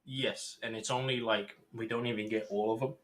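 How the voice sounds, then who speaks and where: Man, mid pitch, bright forward tone, jokey podcast co-host. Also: steady tone, moderate pace, slight background noise. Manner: joking, offers hot takes, exaggerates. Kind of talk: casual chat.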